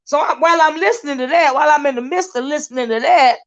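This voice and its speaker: A woman's voice: sits high, fast. A woman hosting a casual livestream, chatting about online drama with lots of asides to her viewers. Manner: chatty, animated, drawling asides. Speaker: YouTube commentary host. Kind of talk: casual livestream gossip commentary. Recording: dull lo-fi livestream audio.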